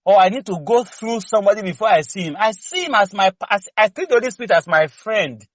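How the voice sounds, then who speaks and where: A man preaches fervently in a fairly high voice. He exhorts his listeners with rhetorical questions and speaks candidly about his own prayer life. The sound is dry and close. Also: animated, fast talker, no room sound, poor audio. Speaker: lay preacher. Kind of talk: preaching teaching session.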